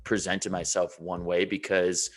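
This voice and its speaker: A man with a deep voice co-hosts a casual podcast, keeping a level tone and an unhurried pace. He talks earnestly and reflectively, often drifting onto side topics.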